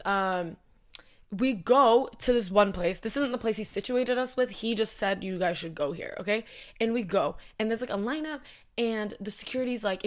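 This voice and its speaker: A young woman casually telling a long story to her audience, rambling with lots of asides and filler words. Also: mid-range voice. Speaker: host.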